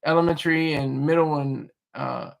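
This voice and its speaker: His voice is a little high and gravelly, steady in tone and moderately paced. He's a livestream host chatting casually with viewers, rambling through his thoughts with restarts and chuckling at chat.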